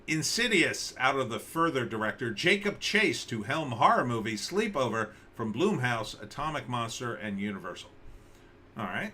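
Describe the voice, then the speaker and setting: A man's voice: medium pitch, sing-song, moderate pace, pushed and bright, a little hiss or hum. A man hosting a casual livestream, commenting on news with sarcasm and rambling restarts. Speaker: livestream host.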